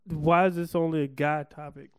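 A man's voice: fairly high pitch, steady tone, normal speed, smooth. A young man co-hosting a podcast in casual chat, giggling and making puns. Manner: giggly, punning. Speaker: podcast co-host.

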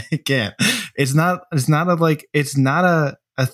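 A man's voice: on the high side, measured pace. A man, the host, chatting casually with jokes and blunt, crude asides. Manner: joking,喜 reacts with laughs and crude asides. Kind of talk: casual chat.

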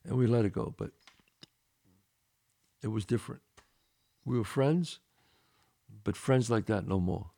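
An older man hosting a podcast with a Brooklyn accent, telling a story in an animated way, swearing and acting out dialogue. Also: lowish voice, measured pace, gravelly, pauses often. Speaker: podcast host. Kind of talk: storytelling in casual interview.

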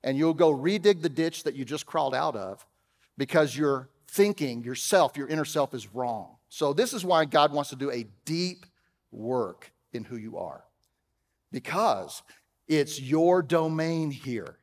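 A man preaching a sermon as pastor, conversational, with humorous asides, swinging from loud emphasis to quiet. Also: a little high, expressive, measured pace, in a large hall. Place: church auditorium.

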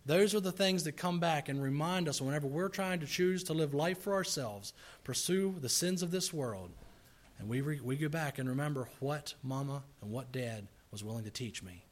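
A man preaching a sermon in a church service, earnestly pleading with and exhorting his congregation, rising to forceful emphasis. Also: on the high side, normal speed.

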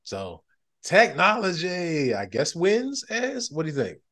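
A man hosting a podcast in casual chat, animated and breaking into loud excited bursts. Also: fairly high pitch, normal speed. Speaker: podcast host.

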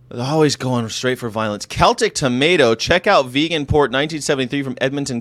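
A man from the United States hosting a casual vegan livestream, animated, laughing often and reading chat aloud. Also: medium pitch, no room sound. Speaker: host of a daily vegan show.

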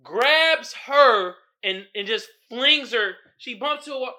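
A man hosting a casual solo podcast, riffing in an animated, exasperated way with lots of slang and laughter. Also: very high-pitched, slow pace. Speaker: podcast host.

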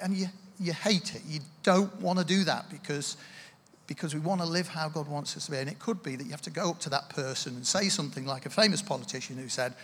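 Chatty and self-deprecating, this preacher throws in asides and laughs with his congregation, keeping the sermon lively. His voice is fairly high and fairly quick, recorded in an echoey hall with distant reverb and a little hiss or hum.

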